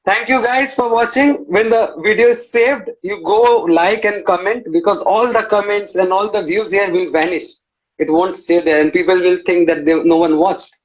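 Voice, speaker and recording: High-voiced man hosting a casual live stream. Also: fairly even intonation, moderate pace, poor audio. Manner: chatty, informal, with fillers and restarts. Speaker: interview host. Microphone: live video call.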